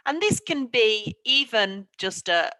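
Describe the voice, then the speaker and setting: A woman, a teacher trainer, guiding an online class over a video call in a clear, structured way. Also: a little high, very animated, takes it slowly, bright, forceful tone, no echo, poor audio. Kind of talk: online lesson.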